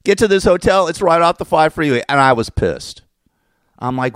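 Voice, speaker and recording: A man's voice: a little high, lively intonation, normal speed, a bit bright, clean tone, no room sound, studio quality. A man telling a rambling, exasperated story, often cursing and correcting himself as he goes. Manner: curses and self-corrects. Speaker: vlogger telling a personal story. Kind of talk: casual rant.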